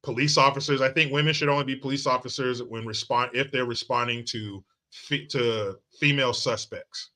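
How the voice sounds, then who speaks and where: Male commentary host; blunt, profane, rambling delivery with a bright, forceful tone. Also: medium pitch, steady tone, normal speed, hardly any pauses. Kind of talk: opinionated talk-show commentary.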